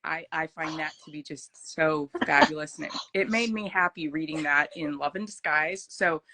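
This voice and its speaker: A woman's voice: sits low, normal speed, bright, forceful tone, slight background noise, poor audio. Gushing woman hosting a book chat. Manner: gushing, with frequent restarts. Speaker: host.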